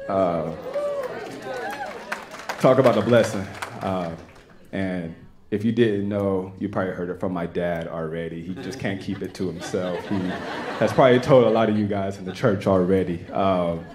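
A young man with a Texan accent giving an earnest, halting personal testimony to a church congregation. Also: low-pitched, a crowd in the background, background noise. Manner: earnest, halting, with many restarts. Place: church sanctuary.

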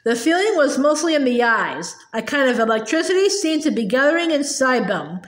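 A woman's voice: high voice, sing-song, brisk. A woman reading a children's novel aloud with expression, stumbling and repeating words now and then, in an echoey room. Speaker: storyteller.

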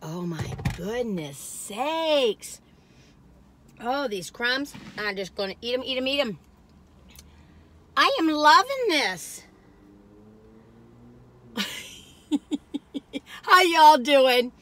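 A woman's voice: on the high side, animated, slow pace, pauses often. A middle-aged woman, chatting and rambling as she taste-tests food, gushing with frequent exclamations. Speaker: food reviewer. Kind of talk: casual chat while taste-testing.

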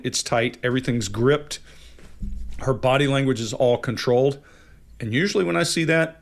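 A man analyzing body language on a panel show, emphatic and fond of acting out the speech patterns he describes. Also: medium pitch.

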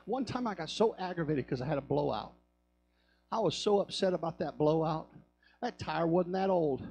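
A man's voice: a little high, lively intonation, moderate pace, gravelly, long pauses, darkish tone. A man preaching a sermon in a church, telling stories and building to fervent calls. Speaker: pastor. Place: church sanctuary.

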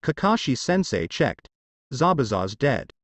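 A man's voice: medium pitch, very animated, unhurried, no echo. A man voicing a smug, superior teenage boy ninja in a fanfiction reading. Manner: superior, smirking.

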